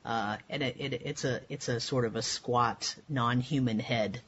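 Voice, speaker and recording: A man's voice: mid-range voice, fairly even intonation, a little slow, fairly bright tone. A man narrates a tabletop game as dungeon master, feeling his way through each scene with fillers and restarts. The audio is dull and lo-fi, with a faint hiss underneath. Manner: loose, searching narration with many fillers.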